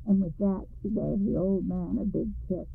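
A woman host reads a storybook aloud in gentle, measured narration. Her voice is husky with some creak, and the recording is tinny and phone-like, like an old radio broadcast. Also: medium pitch, steady tone.

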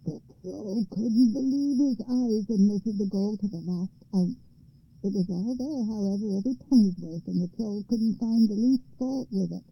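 A woman hosting a radio storytelling program, narrating a fairy tale in a calm, measured way from a studio. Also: medium pitch, breathy edge, faint music behind. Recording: slightly muffled radio broadcast.

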